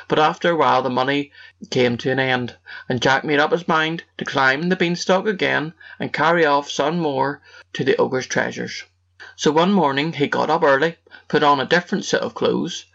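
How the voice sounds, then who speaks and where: Male storybook narrator, gravelly, steady read-aloud rhythm, muffled audio. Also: a little high.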